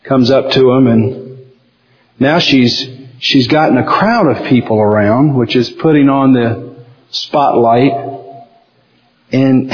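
Slow-talking Southern preacher in a hall. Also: male voice, medium pitch. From American South. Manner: folksy storytelling with acted-out quotes. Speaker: pastor. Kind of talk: sermon. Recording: dull lo-fi recording in a reverberant hall.

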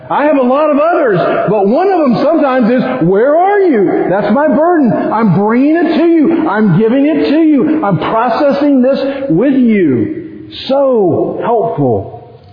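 A high-voiced man preaches a sermon with lively animation, now and then acting out anguished prayers. He is heard in a roomy church hall with a long reverb, and the sound is a little dull. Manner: animated, acts out quoted prayers with sudden rises in pitch. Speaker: pastor.

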